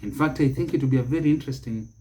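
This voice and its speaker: A middle-aged man hosting a spoken lesson, repeating each word slowly and deliberately for emphasis. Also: mid-range voice, mellow. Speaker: pronunciation teacher and show host. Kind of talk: spoken English lesson to camera.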